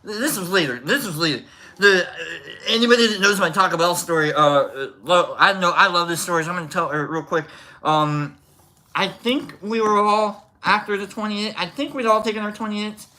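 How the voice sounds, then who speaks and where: Bright-voiced rambling live stream host. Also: mid-range voice, a little fast. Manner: rambling storyteller, greets chat viewers. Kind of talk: casual live stream chat.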